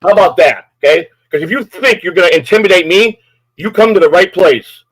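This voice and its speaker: A man's voice: high voice, animated, fairly quick, breathy edge, dry recording, rough recording. An older man, host of a live stream, ranting angrily and issuing profane, repetitive threats. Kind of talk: angry live-stream rant.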